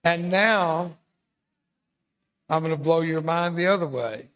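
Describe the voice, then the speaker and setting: Speaking slowly, a veteran guest in his seventies shares stories with students in a school hall and keeps poking fun at himself. His slightly high voice comes across a bit bright and smooth.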